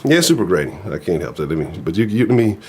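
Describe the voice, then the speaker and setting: A man hosting a live sports talk stream, ranting in an animated, profane, casual way. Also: low voice, quick pace, slight background noise. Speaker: sports talk show host.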